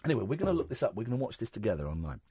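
Reading news aloud on his radio show, a man keeps cutting away for sarcastic asides. His medium-pitched voice is warm, slightly rough, very animated and rapid-fire, captured on a studio microphone with no room sound.

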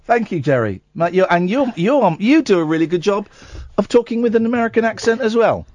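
A man's voice: high voice, sing-song, darkish tone, no room sound. A man hosting a late-night radio phone-in, chatting playfully and teasing his co-host and callers. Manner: playful, teasing, quick jokes.

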